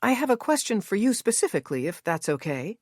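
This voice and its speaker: A woman's voice: mid-range voice, very animated, fairly quick, no echo, studio quality, pitched above the performer's own voice. A woman voicing an earnest young American bookshop worker, asking questions eagerly and a little breathlessly. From United States.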